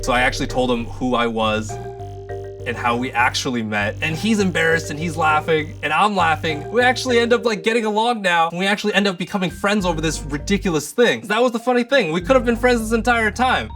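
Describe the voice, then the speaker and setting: A young man telling a comic story, animated and profane, acting out both sides of the conversations. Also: high voice, fast, over music. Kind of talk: storytelling comedy.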